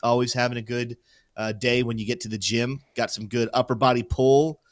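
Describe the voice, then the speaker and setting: A male host giving casual crypto market commentary in an energetic, joking way, hyping his viewers. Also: medium pitch, a little fast, no room sound. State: teary-eyed.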